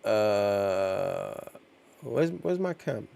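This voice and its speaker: A man, chatting casually on a live stream while reading comics, slangy and excitable as he reacts to chat. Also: on the low side, extremely slow, gravelly.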